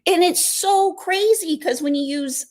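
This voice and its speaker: A woman's voice: very high-pitched, unhurried, darkish tone. An American woman hosting a casual live stream, chatting in a rambling way and answering viewer comments. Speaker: livestream host.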